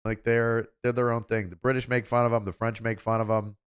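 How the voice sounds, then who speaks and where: Male stream host, smooth voice, rambly and offhand, mid-pitched. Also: flat delivery, brisk. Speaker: livestream host. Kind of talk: casual livestream chat.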